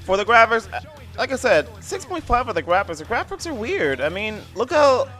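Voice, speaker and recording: A man's voice: sits high, very animated, normal speed, sharp tone, soft background music. A man giving a casual video game review voice-over, rambling and blunt, padding his talk with "I mean" and "like". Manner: blunt and opinionated.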